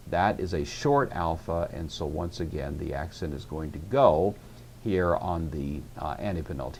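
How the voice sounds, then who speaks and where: Deep-voiced man teaching Greek grammar. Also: darkish tone, a little hiss or hum. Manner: methodical, patient explaining. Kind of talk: recorded lecture.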